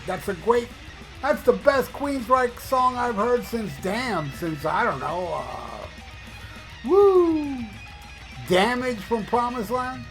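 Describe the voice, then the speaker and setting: Excited high-voiced man ranting. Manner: excited, profane, talks in bursts with fillers. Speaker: podcast host. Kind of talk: casual opinionated rant.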